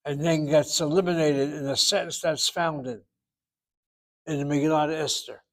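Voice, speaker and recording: A man teaching a Hebrew class, explaining pronunciation and slowly repeating words for students to copy. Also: fairly high pitch, fairly even intonation. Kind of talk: classroom lecture.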